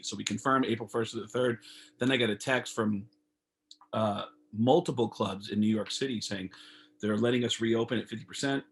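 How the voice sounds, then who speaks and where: A man, a comedian guest on a video call, telling stories in a casual, animated way and acting out phone calls. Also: fairly low pitch, moderate pace, breathy edge. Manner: animated storyteller, acts out phone calls in raised voices.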